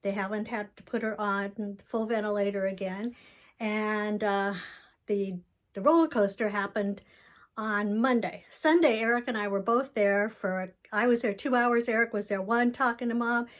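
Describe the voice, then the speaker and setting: A woman's voice: medium pitch, fairly even intonation, moderate pace. Candid woman giving a personal update. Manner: candid, rambling, emotional storytelling. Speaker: vlogger giving a family update. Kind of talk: casual personal video update.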